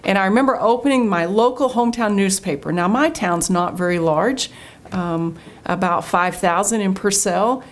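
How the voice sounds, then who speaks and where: A middle-aged woman from Oklahoma, a state official answering interview questions in an earnest, storytelling way that turns animated when she quotes people. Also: mid-range voice, moderate pace.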